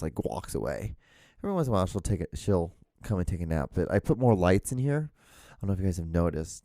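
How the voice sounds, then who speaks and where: Low, mellow-voiced man rambling solo. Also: dry recording, clean studio sound. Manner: rambling, self-interrupting, with frequent restarts and swearing. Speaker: podcast host. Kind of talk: casual solo podcast ramble. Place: small room at home. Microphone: podcast microphone.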